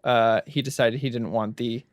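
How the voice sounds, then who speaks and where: A man on a casual movie podcast, relaxed, reading out film trivia between fillers. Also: mid-range voice, normal speed, dry recording, clean studio sound. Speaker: podcast host.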